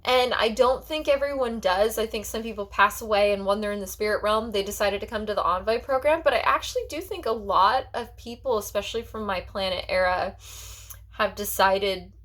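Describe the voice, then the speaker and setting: A woman's voice: mid-range voice, a little fast, fairly bright tone. A woman talking as a psychic in a personal vlog monologue. She rambles in a heartfelt way and fills her talk with "like" and restarts.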